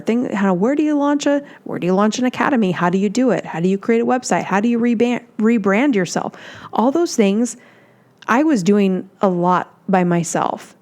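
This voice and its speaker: A young woman hosts her own podcast, speaking straight from the heart about getting over a breakup. She rambles and restarts her sentences often, her voice pitched in an ordinary middle range. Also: darkish tone. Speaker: podcast host and breakup coach. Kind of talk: solo podcast monologue.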